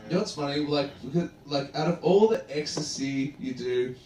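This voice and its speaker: On a comedy club stage, this Australian comic delivers a rambling, loose roast full of "man" and "dude." His pitch sits fairly high and his tone is dark, at a moderate pace. The room is echoey, the mic distant, with background noise and the audience laughing.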